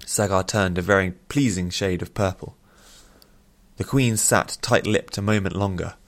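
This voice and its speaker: A man narrating a fantasy audiobook with measured, steady storytelling. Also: low-pitched.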